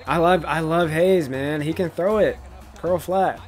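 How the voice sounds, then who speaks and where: Excitable man narrating his gameplay. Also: fairly high pitch, a little slow, soft background music. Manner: thinks aloud, excitable, bursts of laughter. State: voice cracking, coughing. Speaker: gaming YouTuber playing a football video game. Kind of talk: casual gameplay commentary.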